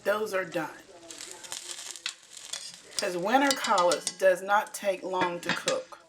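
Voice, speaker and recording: A 60-something home cook from Carolina, US, narrates her video slowly in a mid-range voice, background noise audible throughout. Her delivery is homey and repetitive, full of folksy grammar.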